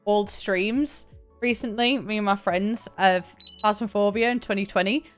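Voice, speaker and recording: A woman's voice: mid-range voice, normal speed, faint music behind. A young woman chatting casually on a live stream, thanking viewers by name and laughing often. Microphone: desk mic, camera on.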